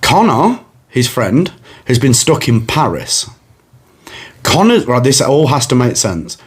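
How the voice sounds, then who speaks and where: With a husky, mid-range voice and a measured pace, a young man who hosts a comedy podcast spins a rambling story in casual chat. He's animated, laughs along and does different voices as he goes.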